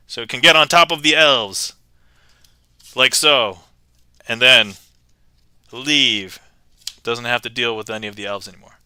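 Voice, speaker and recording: A man streams from a home setup with a very bright, crisp voice, joking loosely as he narrates card tricks. He laughs often and reads viewer comments aloud. The sound is dry and close, with no room echo. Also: mid-range voice, measured pace, pauses often. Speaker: magic livestreamer. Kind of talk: casual live-stream chat while performing card tricks.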